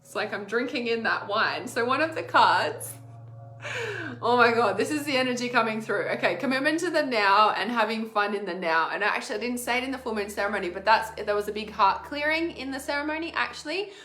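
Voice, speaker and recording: A chatty woman giving a casual oracle card reading, rambling along with plenty of "like" and frequent laughter. Her voice sits a little high and sounds bright and forceful. The room is echoey, with soft music underneath. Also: lively intonation, a little fast.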